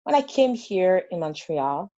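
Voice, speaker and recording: A woman's voice: lowish voice, sing-song, a little slow, dark tone, dry recording. A woman in her thirties from Haiti with a Haitian accent, telling her story as an interview guest with emphatic repetition. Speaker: interview guest, festival founder. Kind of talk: casual interview conversation. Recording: dull, muffled, dry audio.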